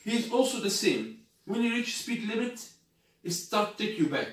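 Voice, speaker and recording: A man's voice: high voice, expressive, moderate pace, fairly bright tone. A man whose first language is Arabic, casually demonstrating and reviewing a scooter in non-native English and often asking "you got me?". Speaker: product reviewer. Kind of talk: casual unboxing demo. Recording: echoey room, faint noise.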